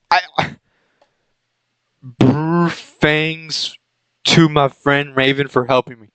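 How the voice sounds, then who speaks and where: A man's voice: fairly high pitch, steady tone, takes it slowly, pauses often, a bit bright, smooth, no room sound, rough recording. A young man doing a comedic reading of a fanfic aloud, often laughing and breaking off to comment on the text. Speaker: reader of a fanfic.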